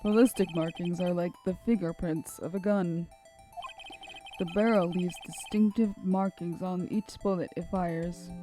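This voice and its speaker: A woman's voice: lowish voice, natural voice. A woman voicing a flustered older male judge in a video game dub. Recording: game music behind.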